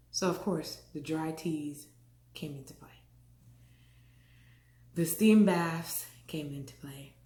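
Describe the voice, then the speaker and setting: Frank, low-voiced Caribbean woman storyteller. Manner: frank and expressive, laughs often, acts out what people said. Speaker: vlogger. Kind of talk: candid personal storytelling. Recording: echoey room.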